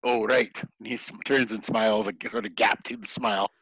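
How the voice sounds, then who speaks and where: Man narrating a tabletop game, halting. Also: lowish voice, steady tone, a bit bright, slightly rough, no echo, dull audio. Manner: halting, full of ums and restarts. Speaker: game master.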